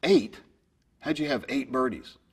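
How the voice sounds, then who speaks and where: A man voicing a gruff, incredulous male college golf coach who fires off quick, disbelieving questions, higher than his own voice. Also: very animated, sharp tone, heavily acted.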